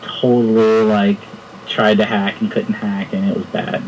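A man's voice: lowish voice, flat delivery, unhurried, recorded from a distance, noisy background. A man co-hosting a podcast, trading joking, teasing banter. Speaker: podcast co-host. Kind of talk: casual chat.

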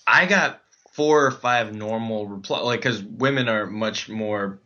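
A man's voice: fairly low pitch, measured pace, bright, forceful tone, dull audio. A man telling a comic dating story in casual chat, rambling with many fillers and restarts.

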